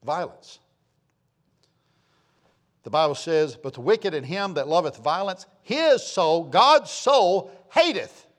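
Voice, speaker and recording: A man's voice: lively intonation, takes it slowly, pauses often. Fiery preacher man in his sixties. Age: 60s. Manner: fiery, swings from loud scripture reading to low asides. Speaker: pastor. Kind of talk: sermon.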